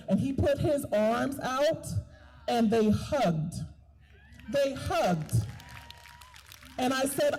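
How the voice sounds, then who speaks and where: A woman's voice: fairly high pitch, lively intonation, slow, pauses often, warm tone, slightly rough, poor audio. A woman giving an impassioned outdoor protest speech, earnest and repeating key phrases for emphasis. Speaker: rally speaker and doula. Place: outdoor park rally.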